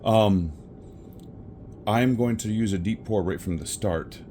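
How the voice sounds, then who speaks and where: A man's voice: lowish voice, slow pace, mellow, slight background noise. A man casually talking through a resin pour as he works, rambling and correcting himself and chuckling at his own slips. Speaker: resin crafter. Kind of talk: casual crafting narration. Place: home craft workspace with camera on a tripod.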